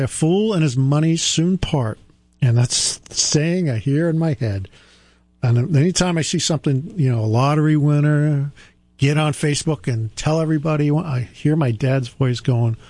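Emphatic radio finance host, dry sound. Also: male voice, mid-range voice, a little mellow, dry recording. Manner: emphatic, repeats key points, jokes about himself. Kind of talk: radio talk monologue.

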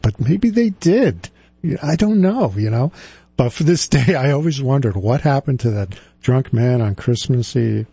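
Gravelly chuckling middle-aged man. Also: a little high, darkish tone, no room sound. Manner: chatty, chuckling, with restarts. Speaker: financial advisor and firm president. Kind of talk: casual storytelling monologue.

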